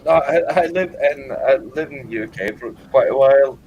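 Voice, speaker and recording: A man's voice: mid-range voice, normal speed, lo-fi sound, crowd noise. A man with a picked-up Scottish accent, telling rowdy, profane stories in a casual livestream chat. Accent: Scottish-tinged. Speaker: podcast guest.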